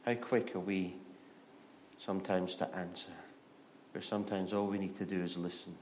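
A middle-aged Scottish pastor preaching a sermon, telling stories and moving between hushed and loud, lively delivery. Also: male voice, low-pitched, moderate pace, slight background noise. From Scotland. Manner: storytelling, shifts from hushed to loud and animated.

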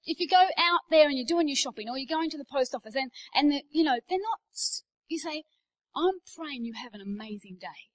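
A middle-aged Australian woman delivers a sermon in a church, her voice sitting a little high. She preaches with emphasis and drops into everyday anecdotes as she goes. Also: rough recording. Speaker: guest preacher.

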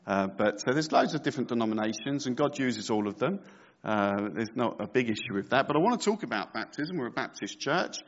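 A man's voice: mid-range voice, very animated, brisk, dull audio. A man preaching a sermon as pastor, reading scripture with conversational, joking asides.

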